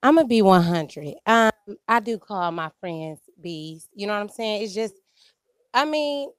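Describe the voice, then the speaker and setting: A woman's voice: mid-range voice, animated, unhurried, dry recording, clean studio sound. A woman from Detroit on a discussion panel, talking casually and emphatically, often checking in with "you know what I'm saying". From Detroit, USA.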